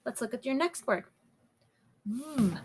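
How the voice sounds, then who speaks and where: Woman, first grade teacher, unhurried and clear, sounds out phonics. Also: fairly high pitch, expressive, low-quality recording. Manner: sounds out words slowly and clearly. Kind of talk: slow, patient phonics lesson for young children.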